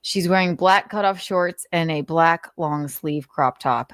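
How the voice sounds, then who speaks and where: A woman's voice: low-pitched, steady tone, normal speed, few pauses, no echo. Dry-voiced woman giving a wry dramatic reading. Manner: wry, sarcastic asides. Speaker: host.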